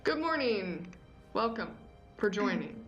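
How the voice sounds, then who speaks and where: A woman's voice: medium pitch, big pitch swings, slow pace, fairly bright tone. Rambling woman co-host, lo-fi sound. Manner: rambling, self-deprecating. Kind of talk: casual chat while gaming. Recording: dull lo-fi stream audio with faint music.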